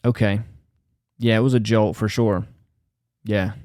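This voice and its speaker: A man's voice: on the low side, fairly even intonation, unhurried, darkish tone, no echo, clean studio sound. A man hosting a podcast, reading a news article aloud and breaking in with sarcastic, mocking asides. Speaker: podcast host.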